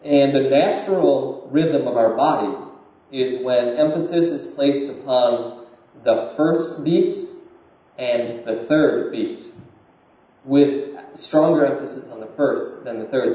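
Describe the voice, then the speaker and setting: A man's voice: mid-range voice, dark tone. Man lecturing in a distant echoey room. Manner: halting, repeats words while explaining. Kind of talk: informal explanatory talk. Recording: distant, muffled room recording with heavy echo.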